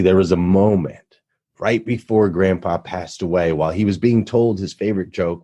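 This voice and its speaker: A man's voice: low voice, warm tone, slightly rough. A man telling a personal story as a podcast guest, earnest and motivational, building to emphatic points. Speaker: radio show host, podcast guest.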